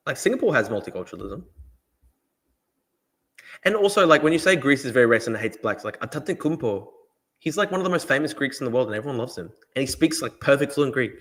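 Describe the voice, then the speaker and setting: Fast-talking, emphatic Australian man. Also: medium pitch, big pitch swings, fairly bright tone. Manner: emphatic, profane, repeats himself. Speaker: livestream host. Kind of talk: casual political livestream talk.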